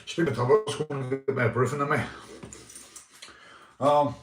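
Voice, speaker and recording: Northern Irish male streamer, chatty and profane, mid pitch, roomy sound from a distance. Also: normal speed. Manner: rambling, swearing, calls viewers mate. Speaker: livestreamer. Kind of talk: casual live stream chat.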